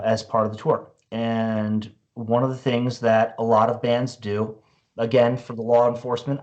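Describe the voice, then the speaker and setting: A man's voice: medium pitch, lo-fi sound. A man in his forties, a guest musician, telling a story in a casual, profane way full of "like" and "you know.".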